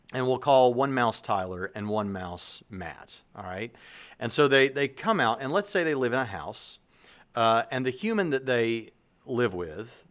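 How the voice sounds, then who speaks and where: A man's voice: medium pitch, a bit bright. A man hosting a video, explaining casually and thinking aloud with many fillers and restarts. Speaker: Christian apologist video host. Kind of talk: casual talk to camera.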